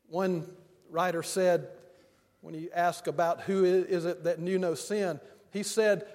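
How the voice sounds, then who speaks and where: An older male pastor preaches in a church sanctuary, telling homely stories and drawing out key lines slowly. His voice sits high for a man. A long reverb trails after each phrase. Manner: folksy storytelling preacher, slows for emphasis. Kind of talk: sermon. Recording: long reverb of a large hall.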